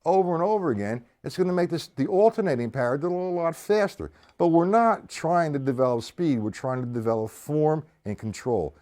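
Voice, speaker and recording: A man's voice: on the high side, expressive, a little fast, hardly any pauses, dark tone. Man teaching drums on a live stream. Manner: counts and calls sticking aloud, explaining step by step. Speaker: drum teacher. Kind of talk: live-streamed drum lesson. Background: drum kit playing.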